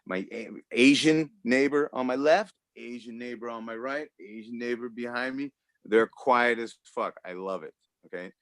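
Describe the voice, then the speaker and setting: A man's voice: medium pitch, moderate pace, dry recording. A man from Los Angeles doing a loose, rambling stand-up set over a video call, often laughing at his own jokes. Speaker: stand-up comedian. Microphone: home computer mic on a video call.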